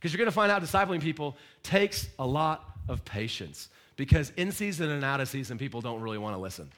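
Pastor, male, lively sermon delivery, swings from loud exhortation to near-quiet asides. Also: mid-range voice, a little fast, hardly any pauses. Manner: animated, emphatic preaching with sudden loud rises and soft drops; direct questions to the congregation.

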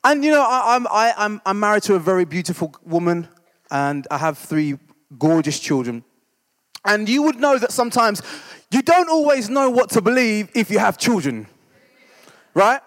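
High-voiced man preaching. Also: big pitch swings, normal speed, fairly bright tone, long reverb tail. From East End of London. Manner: conversational, self-deprecating, keeps asking "right?". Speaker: church discipleship leader. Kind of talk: humorous storytelling sermon.

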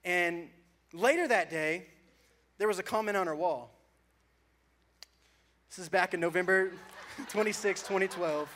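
A man with a high, light voice preaches to a congregation in church. He tells stories about himself in a loose, joking way and laughs at his own awkwardness often. He sounds like a pastor in his thirties. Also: a little slow, pauses often, fairly bright tone. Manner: joking, self-mocking storytelling, laughing often. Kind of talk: sermon.

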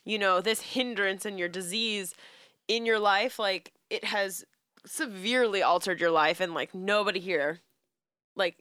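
A young woman from San Diego co-hosting a casual podcast, blunt and quick to swear and laugh. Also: medium pitch, a bit bright, smooth, no echo, clean studio sound. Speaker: podcast co-host.

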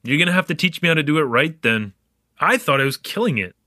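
A man's voice: a little high, quick pace, no echo, studio quality. A man playing a chatty young newcomer. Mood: playful. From Canada. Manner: animated, joking, wandering asides. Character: young male newcomer keeping a spoken diary, curious, chatty. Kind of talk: audio drama narration.

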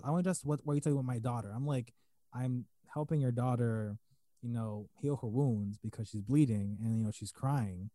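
A man rambles through a story on a podcast, words tumbling out quickly. His tone is dark and mellow, and the dry close mic adds no room sound. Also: medium pitch, steady tone, no room sound. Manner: rambling, many fillers and restarts. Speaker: podcast co-host. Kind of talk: casual storytelling.

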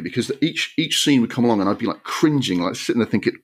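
A man co-hosting a film podcast, ranting in exasperated, sweary bursts and jumping up in pitch when riled. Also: animated, quick pace, hardly any pauses. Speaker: podcast co-host. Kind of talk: casual film review rant.

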